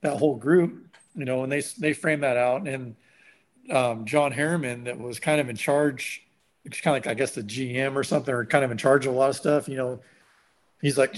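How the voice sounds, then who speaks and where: A man telling a long story in casual conversation, animated and acting out what others said. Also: medium pitch, a little fast. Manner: animated, acts out quotes of others. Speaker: guest.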